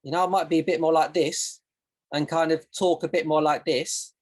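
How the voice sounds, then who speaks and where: A woman's voice: sits low, fairly even intonation, normal speed, a little mellow. A woman teaching a casual online coaching session over a video call, in a loose, rambling way with plenty of examples. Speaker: self-discovery coach.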